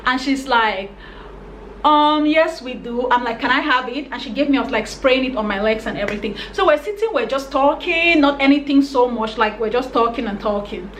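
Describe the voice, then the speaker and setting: A young woman from Cameroon telling a story on her vlog in a casual, animated and exasperated way, acting out the other people in it. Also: high voice, normal speed. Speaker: vlogger. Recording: echoey room with faint noise.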